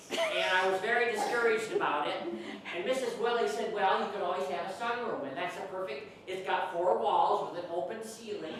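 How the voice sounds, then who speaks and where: A man's voice: high-pitched, a bit bright. A man telling playful comic stories to children in a church, chatting with them and asking them questions. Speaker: children's entertainer. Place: church hall. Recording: very echoey hall, distant, faint hiss.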